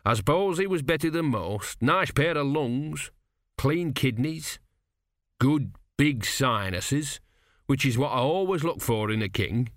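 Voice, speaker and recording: A man reading an audiobook, voicing a weary, patient veteran male embalmer who speaks slowly. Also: mid-range voice, lively intonation, no echo, clean studio sound, close to an everyday voice. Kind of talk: audiobook character voice.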